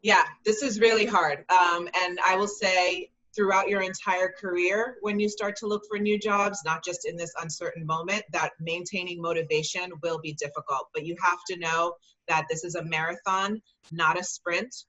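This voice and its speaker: A woman, likely in her thirties, giving earnest, encouraging career advice in a conversational way with frequent pauses. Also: fairly low pitch, bright, forceful tone, low-quality recording. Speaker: guest speaker, career advice.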